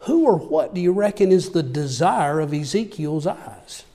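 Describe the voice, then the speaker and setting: Man preaching, high voice, reads verses aloud, asks the listeners questions, long reverb. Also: lively intonation, normal speed, dark tone. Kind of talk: sermon.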